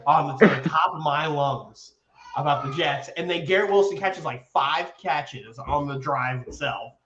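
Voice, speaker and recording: A man co-hosts a casual sports podcast, telling his stories with loud excitement and plenty of swearing. His voice sits a little high, and the room around him rings with echo. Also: moderate pace, lo-fi sound, background noise. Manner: excitable, swears freely, animated storytelling. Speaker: podcast co-host.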